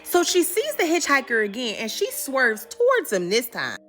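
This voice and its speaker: A sassy woman retelling a story for laughs, full of slang and asides to her viewers. Her voice is high and bright, and her pitch swings widely. Faint music plays underneath. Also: huge pitch swings, moderate pace. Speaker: comedy recap host. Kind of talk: casual comedic recap.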